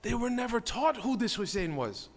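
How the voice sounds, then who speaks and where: A man's voice: extremely high pitch, big pitch swings, moderate pace. Earnest man preaching in an echoing hall. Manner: earnest, exhorting, repeats "my beloved brothers". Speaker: speaker at a religious center. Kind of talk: sermon. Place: mosque hall. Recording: long reverb of a large hall.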